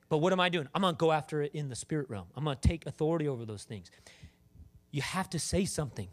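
A man's voice: on the high side, fast talker. Emphatic man preaching a sermon. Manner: animated, emphatic, calls out to the congregation. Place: church with congregation.

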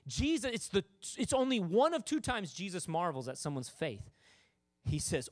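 A man's voice: high voice, big pitch swings, normal speed, a little mellow. A man preaching a sermon in a casual, joking way, full of asides to the congregation. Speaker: pastor.

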